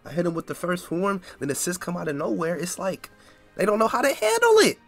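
Young man, casual gameplay commentary, fairly high voice, incredulous, stammering, faint music behind. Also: huge pitch swings, brisk, vocal fry. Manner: incredulous, repeats himself, stammers. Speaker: gaming video creator.

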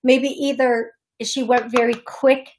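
A woman who hosts a psychic medium radio show, talking chattily and with feeling to a caller, often pausing with fillers. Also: a little high, little pitch movement, slight background noise. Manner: chatty, emotional, warm-hearted, uses fillers. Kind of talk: call-in reading on radio. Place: radio studio.

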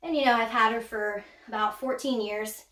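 Woman, higher voice, casual snake-handling vlog, chatty, laughs a lot, echoey indoor room. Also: normal speed. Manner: chatty, laughs often, excited whoops. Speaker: snake keeper vlogger. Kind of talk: casual show-and-tell vlog.

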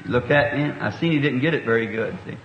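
A man's voice: mid-range voice, fast, a little hiss or hum. A middle-aged man preaching in a folksy, colloquial way, spinning homespun stories with rural grammar in a church meeting hall. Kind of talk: folksy sermon storytelling. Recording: echoey, dull 1960s meeting recording.

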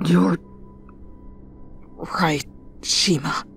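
A woman voicing a battered young man with a raspy, hoarse voice and quiet defiance in a whispered role-play. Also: on the low side, steady tone, very slow, soft background music, exaggerated voice. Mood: defiant.

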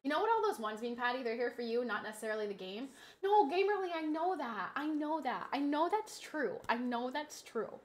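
A woman's voice: sits high, big pitch swings, brisk. A young woman streamer chatting casually to her live chat, giggly and talkative, at a desk mic. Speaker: game streamer.

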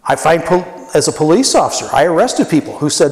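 A man in his sixties preaching a sermon as pastor, earnest and personal, often dropping his voice low for emphasis. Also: very animated, brisk. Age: 60s. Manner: earnest, personal preaching with dramatic quiet drops. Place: church sanctuary. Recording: echoey church hall with long reverb.

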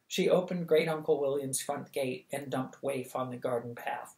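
A reader narrating a novel for bedtime at a steady, lively pace. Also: mid-range voice, normal speed, hardly any pauses. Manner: steady, lively, acts out the dialogue. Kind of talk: audiobook reading of a novel. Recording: echoey room.

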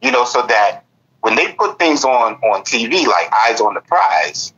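A man's voice: mid-range voice, sing-song, measured pace, pushed and bright. An American man in his fifties, a guest in a casual conversation, reflective and often agreeing. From United States. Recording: muffled lo-fi audio.

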